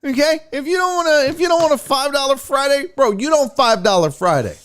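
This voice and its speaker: Dude hosting a sports stream, goofy crude banter, bouncy voice all over the place. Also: male voice, extremely high pitch, animated, fairly quick, fairly bright tone. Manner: joking, rambling, playful crude banter. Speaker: sports show host. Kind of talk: casual livestream chat reading viewer donations.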